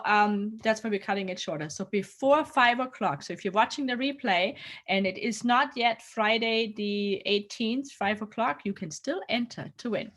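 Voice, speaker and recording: A woman hosts a live online event in a casual, chatty way. Her voice sits a little high, and she talks upbeat and loose, with fillers like "um" and "so.". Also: a bit bright. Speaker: host. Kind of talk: casual livestream chat.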